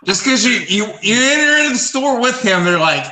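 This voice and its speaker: A man joining a beer livestream, playful and quick to laugh as he banters. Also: very high-pitched, lively intonation, pushed and bright. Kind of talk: casual livestream chat. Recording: echoey room with crowd chatter.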